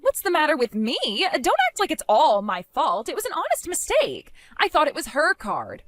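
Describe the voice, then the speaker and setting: A woman's voice: high-pitched, wildly swooping pitch, normal speed, a bit bright, no echo, pitched above the performer's own voice, exaggerated voice. A woman voicing a greedy, entitled young sister-in-law with a whiny, sing-song, demanding manner in a voiced story drama. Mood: defiant.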